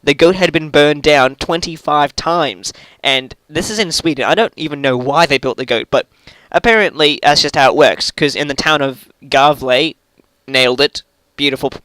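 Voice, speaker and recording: A man hosts a casual commentary video, rambling along with jokey, self-mocking asides. His voice is fairly high and smooth. It sits close and dry on the mic. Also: a bit bright, no echo, rough recording. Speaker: YouTube host.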